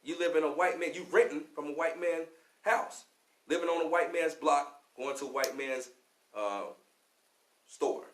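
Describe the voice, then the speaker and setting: A man's voice: a little high, normal speed, fairly bright tone, echoey room, poor audio. A man from Louisville, Kentucky, giving a fiery, slangy preaching lecture as class teacher on a radio show. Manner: fiery, slangy, repeats "you know what I'm saying". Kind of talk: preaching street-talk lecture.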